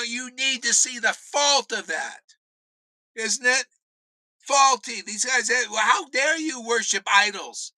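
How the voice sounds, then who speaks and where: A man with a high, piercing voice delivers a slow, unhurried rant about devotion, blunt and full of profanity. He swings from loud outbursts to low muttered asides, and the sound is close and dry. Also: lively intonation, dry recording, poor audio. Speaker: spiritual teacher. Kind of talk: informal preaching rant.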